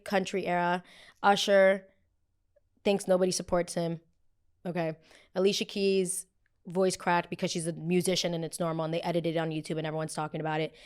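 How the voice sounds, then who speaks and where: A young woman hosting a podcast, giving a casual solo pop culture recap in a chatty, animated way, with fillers and sudden excited exclamations. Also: medium pitch, clear, resonant tone. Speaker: podcast host.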